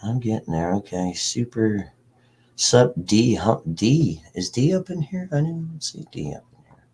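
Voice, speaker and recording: A man's voice: mid-range voice, lively intonation, unhurried, a little mellow, husky. A man hosting a casual livestream, rambling and swearing as he greets viewers in the chat. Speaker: livestream host.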